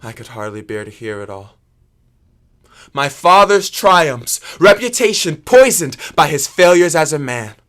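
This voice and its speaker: An actor playing a young prince torn by forbidden love, speaking earnestly and often subdued in a stage drama. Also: male voice, a little high, big pitch swings, a little slow, fairly bright tone.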